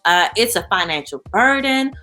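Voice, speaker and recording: A woman speaking as an interview guest in a candid, animated way, full of "you know" and "like". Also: medium pitch, moderate pace. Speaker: guest, founder of a support organization. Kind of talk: casual interview chat.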